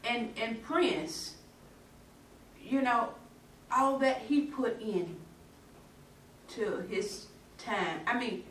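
A woman's voice: fairly high pitch, expressive, drawn-out words, long pauses, fairly bright tone. Earnest woman in echoey far-off room. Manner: earnest, emphatic, folksy. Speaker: church discussion participant. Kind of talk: casual faith discussion. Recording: echoey room, mic far off, faint noise.

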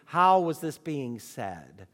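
A man's voice: fairly high pitch, big pitch swings, takes it slowly, fairly bright tone. A man preaching a sermon with emphatic rhetorical questions. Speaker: pastor. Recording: long reverb of a large hall.

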